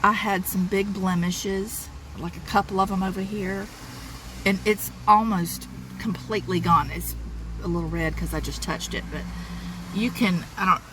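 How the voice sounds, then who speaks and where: A woman's voice: medium pitch, fairly even intonation, normal speed, fairly bright tone. A woman vlogger, talking casually and rambling to camera from a parked car. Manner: chatty, rambling, with fillers and small laughs. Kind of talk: casual vlog talk to camera. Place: parked car on a rainy day. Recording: noisy car interior with rain. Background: rain and car sounds.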